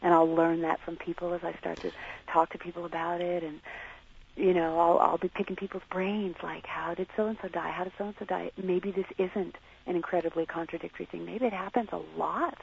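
A woman being interviewed on the radio, talking in a halting, searching way and questioning herself as she reflects. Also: fairly low pitch, fairly even intonation, creaky, a little mellow, muffled recording, slight background noise. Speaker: interview guest.

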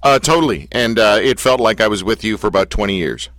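A man's voice: lowish voice, lively intonation, fast, fairly bright tone, no room sound, clean studio sound. A man hosting a casual interview show, telling rambling stories and teasing his guest. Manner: playful, rambling storyteller who teases his guest. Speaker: radio show host.

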